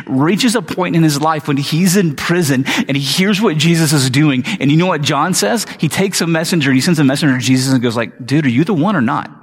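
Guy preaching all casual and slangy, kinda husky and a bit high-pitched, lots of hall echo. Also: a little fast, few pauses. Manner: casual slangy storytelling, acts out the people he quotes. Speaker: pastor. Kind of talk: conversational sermon. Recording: long hall reverb.

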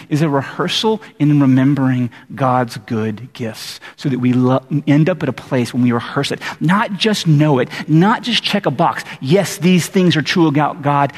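A man preaching a sermon in a church, talking in a conversational, lively storytelling way with many fillers. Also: on the high side, husky. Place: church sanctuary. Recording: long reverb of a church hall.

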